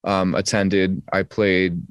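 Young male musician guest, low voice, dry close sound, rambling with stammered restarts. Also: little pitch movement, takes it slowly, clean tone, dry recording. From New Jersey. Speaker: singer-songwriter guest. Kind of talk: casual interview chat.

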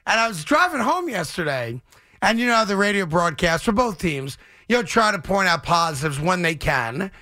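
A man's voice: high-pitched, sing-song, normal speed, sharp tone, dry recording, clean studio sound. A man co-hosting a sports talk radio show, teasing and sarcastic.

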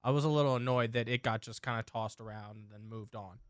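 A man's voice: on the low side, fairly even intonation, fast, smooth, no echo. A man co-hosting a casual talk show, dry and contrarian. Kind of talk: casual banter.

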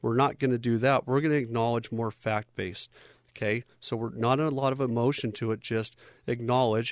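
A man's voice: medium pitch, fairly even intonation, moderate pace, no room sound, studio quality. A man giving an instructional talk in a conversational way, often checking in with his listeners. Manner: conversational, checks in with "okay?" and "right?".

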